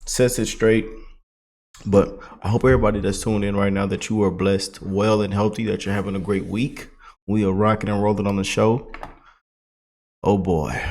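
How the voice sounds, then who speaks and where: A man giving casual, animated political commentary with a mocking, excitable delivery. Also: on the low side, normal speed.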